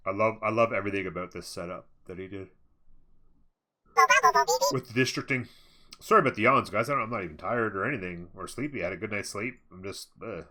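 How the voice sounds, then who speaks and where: Low-voiced, bright-toned male game caster. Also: racing, hardly any pauses. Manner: casual, rambling, thinks aloud with fillers. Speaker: esports caster. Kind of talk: live game commentary.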